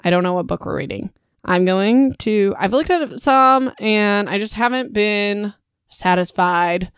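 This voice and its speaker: A woman's voice: mid-range voice, lively intonation, measured pace, clear, resonant tone, no room sound, studio quality. A young adult woman hosting a casual book podcast, chatty and self-mocking, laughing at her own slips into a home microphone. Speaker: podcast host.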